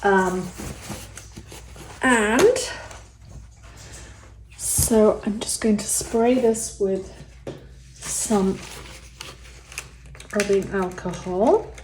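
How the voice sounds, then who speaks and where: A woman's voice: medium pitch, extremely slow, pauses often, a little mellow, slight background noise. A woman giving a casual step-by-step craft demonstration, chatty and thinking aloud with the odd um. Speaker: resin art tutorial maker. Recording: roomy echo.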